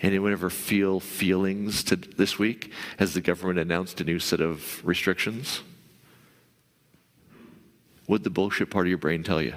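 A male pastor giving a conversational sermon, now and then acting out the voice in your head in a higher, pushier tone. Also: steady tone, moderate pace, long reverb tail. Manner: conversational, acts out inner voices in a raised pitch.

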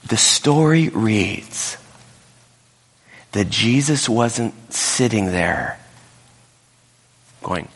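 Male pastor, lowish voice, animated sermon storytelling, long hall reverb. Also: drawn-out words, long pauses.

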